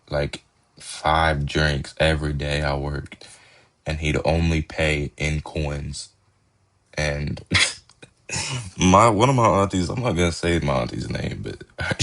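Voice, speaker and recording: A young man with a very low voice tells stories on his podcast. He talks in a relaxed, slangy way and laughs now and then as the stories unfold. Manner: laid-back, laughs while telling, slangy phrasing. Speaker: podcast host. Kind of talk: casual storytelling.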